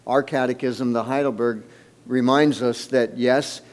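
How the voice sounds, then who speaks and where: Male pastor, sermon, slow measured delivery, middle pitch, emphatic pauses. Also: fairly even intonation, darkish tone. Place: church sanctuary.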